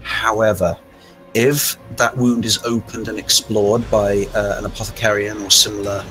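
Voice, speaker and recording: Bright-voiced man running a tabletop game. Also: lowish voice, flat delivery, normal speed, soft background music, poor audio. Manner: explanatory, with fillers and restarts. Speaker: game master.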